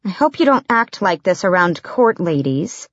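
A woman voicing a defiant, sharp-tongued young woman assassin. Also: fairly low pitch, sing-song, moderate pace, dry recording, lo-fi sound.

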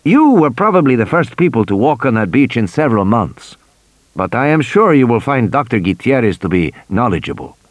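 A man voicing a formal, careful male doctor in an audiobook, speaking in a measured way. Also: mid-range voice, big pitch swings, no echo, pitched above the performer's own voice, lightly acted.

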